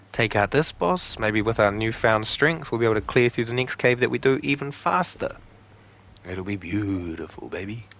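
Here a gaming channel host, a young man, mouths off at on-screen foes while cracking crude jokes through a let's-play session. He speaks at a medium pitch with a fairly bright tone, and there's slight noise in the background.

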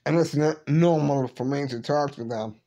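A man talking to his camera in an emotional personal vlog, tearful and apologetic, halting and repeating his words as he goes. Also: fairly high pitch, dark tone. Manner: apologetic, subdued. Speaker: vlogger.

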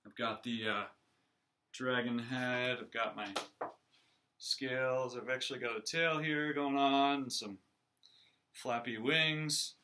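A male teacher reads a children's picture book aloud, animated and expressive. His voice is strikingly bright and forceful, at a middle pitch. He sits close to the camera. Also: takes it slowly, long pauses, slight background noise. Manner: animated storytelling. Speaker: reader, teacher.

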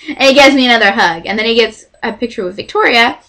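This young Texan vlogger talks fast with hardly any pauses, her voice a little high. She's casually telling a story to camera, lively and acting out others' words.

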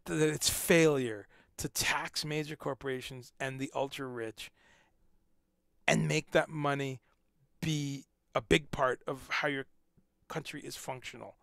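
A man's voice: mid-range voice, creaky, fairly bright tone, no echo, clean studio sound. A man hosting a casual livestream, rambling and repeating words as he talks, now and then swearing. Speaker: livestream host.

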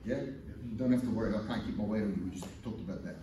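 A man's voice: lowish voice, quick pace, mellow. A man teaching a jiu-jitsu seminar, directing a partner on the mat with coaxing, direct commands while he demonstrates. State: strained, pressed under a partner's weight at times. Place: large indoor training gym. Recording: echoey gym, mic far off, some noise.

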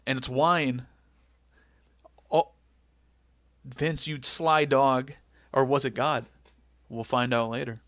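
Bright-voiced young man recapping wrestling. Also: medium pitch, slow, pauses often, no echo. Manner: animated storytelling with goofy impressions. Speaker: podcast co-host. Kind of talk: casual comedic recap chat.

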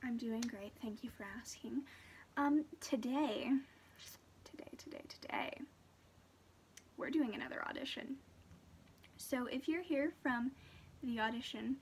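A woman's voice: a little high, unhurried, slight background noise. A woman hosting her own channel, giving a rambling, chatty, self-deprecating intro to a video. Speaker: channel host. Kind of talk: casual vlog intro.

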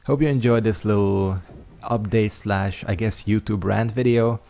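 A man's voice: fairly low pitch, fairly even intonation, unhurried, vocal fry, warm tone. A young man casually talking over his gameplay, rambling and reflective with lots of fillers. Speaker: YouTuber.

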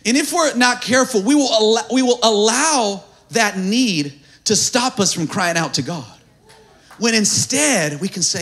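High-voiced impassioned male preacher. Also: animated, moderate pace. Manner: impassioned preaching, swinging from hushed to shouted and sing-song. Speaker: pastor. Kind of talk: sermon. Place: church service.

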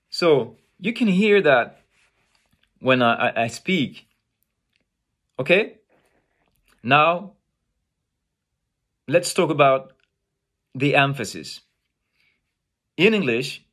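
French-accented man, pronunciation teacher, lively rising and falling pitch, unhurried delivery. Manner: slow, deliberate, repeats phrases and demonstrates sounds. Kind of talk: pronunciation lesson.

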